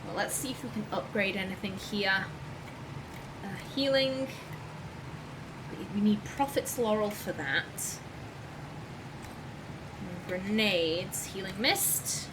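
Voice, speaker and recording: A woman's voice: medium pitch, slow pace, long pauses, background noise. A woman hosting a casual let's play, chatting enthusiastically over gameplay with plenty of fillers and restarts.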